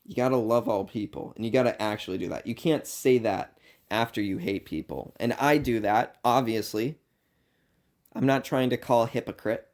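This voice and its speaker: With a medium-pitched voice and a moderate pace, a young university student wanders through an earnest, rambling comedic monologue. He alternates between loud outbursts and quieter asides.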